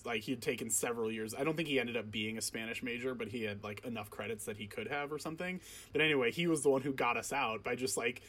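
A man's voice: medium pitch, fairly bright tone. A man co-hosting a podcast, telling a story in a laid-back, laughing way. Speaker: podcast co-host. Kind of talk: casual chat.

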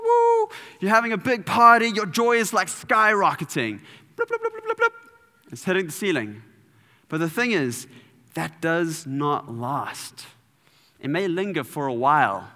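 A man preaching a sermon in a playful, animated way, sometimes adding sound effects. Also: mid-range voice, long reverb tail.

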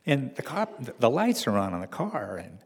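A middle-aged man telling a personal story to an audience in a wry, halting way, with restarts and fillers. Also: medium pitch, very animated, breathy edge, big-room sound.

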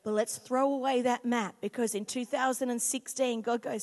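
Woman pastor, 40s, high bright voice, lively sermon, long hall reverb. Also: normal speed. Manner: lively, emphatic preaching to a congregation.

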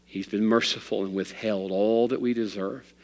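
A male pastor preaching a sermon, telling a story and swinging from loud, emphatic lines to quiet ones. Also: fairly low pitch, fairly even intonation, moderate pace, long reverb tail.

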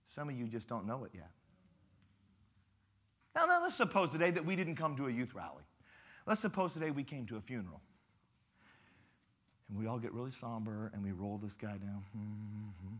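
A man's voice: mid-range voice, very animated, moderate pace, long pauses, a bit bright. A man, a pastor preaching at a youth rally with playful, dramatic storytelling.

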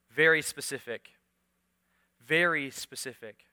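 Hombre predicador de voz clara y brillante. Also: male voice, sits high, expressive, moderate pace, sharp tone. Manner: earnest, urging, repeats phrases for emphasis. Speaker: pastor. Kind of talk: sermon. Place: church sanctuary.

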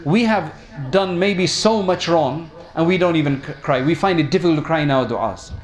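A man's voice: on the high side, normal speed. A man preaching a sermon, telling stories and asking his listeners questions. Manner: storytelling, addresses audience with questions.

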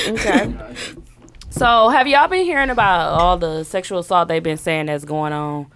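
Casual group chat, relaxed speaker, mid-range voice, brings up topics. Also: mid-range voice, unhurried, clear, resonant tone.

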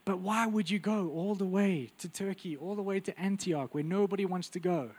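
A man preaching a sermon with intense, urgent delivery that drops to quiet, intimate asides. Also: high voice, moderate pace, husky.

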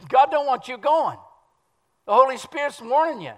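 A man's voice: very high-pitched, animated, normal speed, pitched above the performer's own voice. A man preaching, acting out another man pleading with a friend not to leave, in an urgent voice. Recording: long hall reverb.

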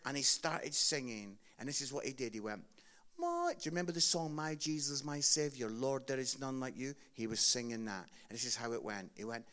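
A Scottish man preaching a sermon, telling funny stories with loud bursts and then dropping to quiet, earnest appeals. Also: medium pitch, animated, fairly quick. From Scotland. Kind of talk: sermon with comic storytelling.

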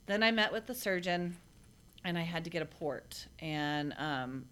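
Low-voiced blunt woman telling her story. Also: animated, fairly bright tone, a little hiss or hum. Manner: blunt, matter-of-fact; halting, with many restarts and fillers. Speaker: interview guest. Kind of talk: casual personal storytelling.

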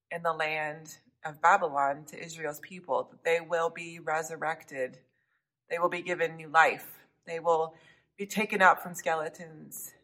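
A woman preaching a sermon, earnest, often dropping to soft hushed tones for emphasis. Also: sits low, low-quality recording.

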